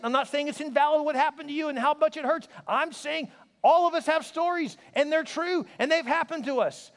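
A man preaching a sermon as a pastor, emphatic and exhorting, with playful asides. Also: extremely high pitch. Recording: long reverb of a large hall.

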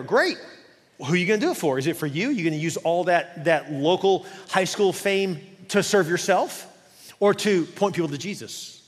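A middle-aged male pastor preaches with lively energy, firing off rhetorical questions and acting out little quotes. His voice sits a bit higher than most men's. The sound carries a long church-hall reverb. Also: brisk. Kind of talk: sermon. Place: church sanctuary.

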